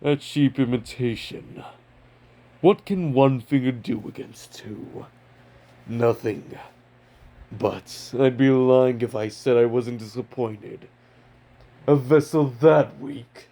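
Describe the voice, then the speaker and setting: A man voicing a menacing, haughty ancient demon king who talks slowly and coldly. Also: mid-range voice, dark tone. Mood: contemptuous. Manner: slow, cold, contemptuous.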